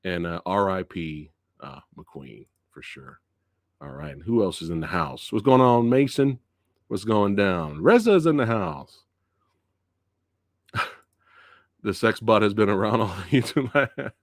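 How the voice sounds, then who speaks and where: Lively low-voiced man reviewing movies live. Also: slow, long pauses, dry recording, studio quality. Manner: laughs often, loose and filler-heavy. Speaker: movie review channel host.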